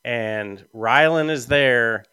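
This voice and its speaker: A man's voice: medium pitch, slow pace, sharp tone, clean tone, dry recording. A middle-aged man chatting casually on a podcast, telling long stories with lots of fillers and restarts. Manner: rambling storyteller with frequent fillers. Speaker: podcast guest. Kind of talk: casual chat.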